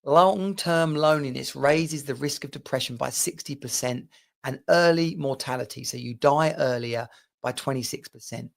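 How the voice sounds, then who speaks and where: A middle-aged Englishman chats to camera in a rambling, personal monologue. His mid-pitched voice has a gravelly, creaky edge. He talks loosely, with plenty of asides and restarts. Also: normal speed. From England. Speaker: vlogger.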